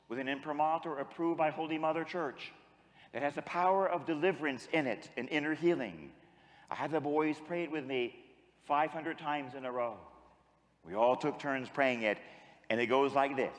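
A man's voice: fairly high pitch, long reverb tail. A man, a priest, preaching a sermon and telling a story, then leading the congregation in call-and-response. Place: large church with long echo.

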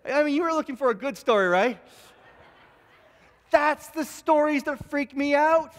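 A man preaches in a high, lively voice, telling stories about himself with plenty of false starts and restarts. His sermon rings out with a long reverb across a church sanctuary. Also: measured pace. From Ontario, Canada. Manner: animated, self-deprecating storytelling with frequent restarts. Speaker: pastor.

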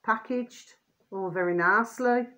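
A woman's voice: medium pitch, a little slow, pushed and bright. A woman vlogger talking in a rambling, repetitive way to her viewers, often irritated and venting. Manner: rambling, repeats pet phrases, asks "do you see what I mean". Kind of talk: rambling casual monologue to viewers.

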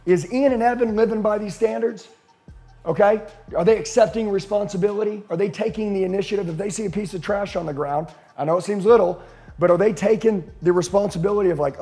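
A man's voice: high-pitched, a little fast, mellow, faint music behind. A man giving a profane, intense motivational talk as a sales coach to an audience.

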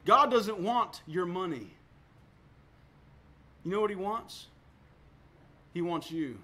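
Male pastor preaching, high voice, bright, punchy, swings from loud to hushed. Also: lively intonation, takes it slowly. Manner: emphatic preaching with sharp swings in volume; repeats words for emphasis. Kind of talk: sermon.

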